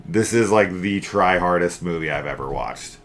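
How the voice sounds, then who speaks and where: A man co-hosting a casual horror film review, animated and profane as he rants about a movie. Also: sits low, moderate pace. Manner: animated and profane, ranting, mimics scenes loudly.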